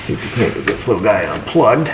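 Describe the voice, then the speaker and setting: A man's voice: on the low side, big pitch swings, fast talker, very noisy. A man working as an auto repair technician, narrating casually while he diagnoses a truck and tossing dry, joking asides to viewers. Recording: roomy shop echo.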